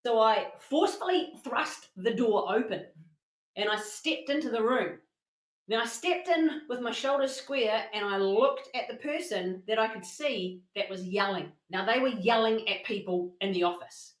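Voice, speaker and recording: A woman presenting a motivational masterclass, telling stories in an animated way and acting out the quotes. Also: on the high side, moderate pace, roomy sound, poor audio. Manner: animated storytelling with acted-out quotes. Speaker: workshop presenter.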